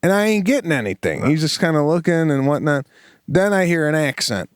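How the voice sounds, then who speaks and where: A man co-hosting a podcast, casually telling an animated story and acting out the voices of the people in it. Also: fairly high pitch, brisk, clean tone, dry recording, clean studio sound. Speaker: podcast co-host.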